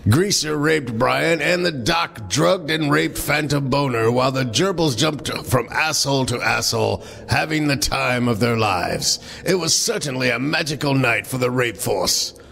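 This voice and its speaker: Host-narrator: bright, raspy male voice, deadpan epic delivery. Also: mid-range voice, big-room sound. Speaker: host and story reader. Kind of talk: crude comedy story narration.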